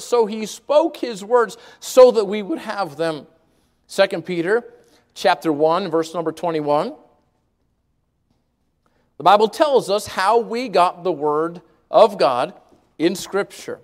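A man preaching a sermon, emphatic, repeating key words and swinging between fast and slow delivery. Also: sits high, expressive.

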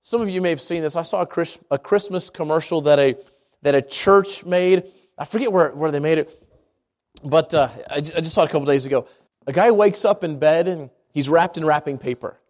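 A man preaching a sermon, telling stories in an animated way with frequent restarts. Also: a little high, brisk. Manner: animated storytelling with repeated restarts.

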